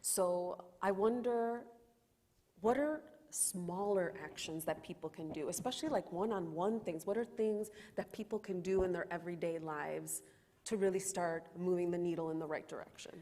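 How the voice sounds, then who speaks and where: A woman's voice: fairly low pitch, normal speed, mellow, in a large hall. A woman moderator putting a tentative, searching question to the speaker. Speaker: moderator asking audience question.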